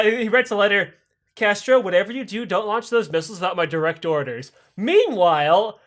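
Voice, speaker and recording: A man co-hosting a podcast, telling history as a casual, profane comedy story and acting out the people in it with raised voices. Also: high-pitched. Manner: animated, profane, acts out quoted figures in raised voices. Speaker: podcast co-host.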